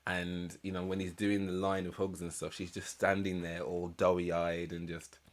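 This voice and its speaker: Man, very low voice, rambling reaction commentary, reflective. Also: little pitch movement, moderate pace. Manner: reflective, rambling, many fillers and restarts. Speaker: reaction channel host.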